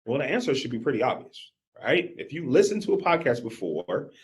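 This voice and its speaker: A man giving a live coaching workshop, energetic and animated, talking straight to his audience. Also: medium pitch, a little fast. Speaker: business coach.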